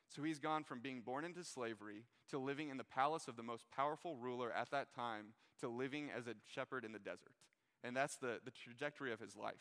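A young adult man preaching a casual sermon to a live audience in a church hall, talking in a relaxed, conversational way with plenty of fillers. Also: medium pitch, clear, resonant tone. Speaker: pastor. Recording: long reverb of a large hall.

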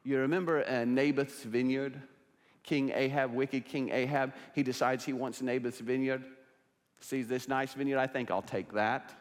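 A man preaching a sermon as pastor, emphatic and dropping his voice low for quoted figures. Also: little pitch movement, moderate pace. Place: church sanctuary. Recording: long church reverb.

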